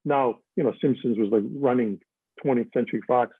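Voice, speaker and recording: An older man with a husky, mid-range voice chats as a guest, speaking a little fast as he animatedly tells stories and shifts into other voices for quotes. The recording is dry and tinny, like a phone line.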